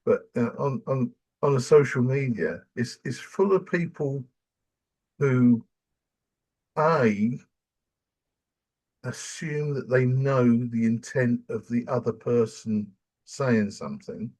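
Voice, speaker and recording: An older man from England, chatting casually as a podcast host and telling animated stories. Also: mid-range voice, takes it slowly, pauses often. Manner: animated storyteller, acts out quoted voices. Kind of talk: casual chat.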